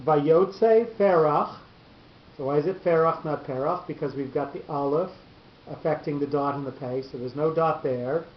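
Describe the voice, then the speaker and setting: A man's voice: a little high, fairly even intonation, fairly quick, a little hiss or hum. A man teaching a class on Torah cantillation, explaining patiently step by step and restarting his sentences often. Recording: echoey lo-fi room recording.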